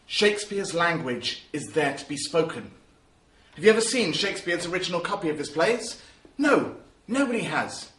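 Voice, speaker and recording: Man giving a lively lesson. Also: on the high side, moderate pace, reverberant. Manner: lively, emphatic explaining. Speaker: drama teacher. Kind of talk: spoken lesson.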